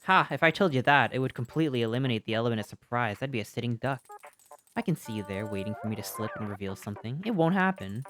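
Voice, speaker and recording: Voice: mid-range voice, animated, quick pace, a bit bright, close to an everyday voice. A streamer voicing a blunt, cagey old woman shopkeeper who lectures in folksy talk. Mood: gruff.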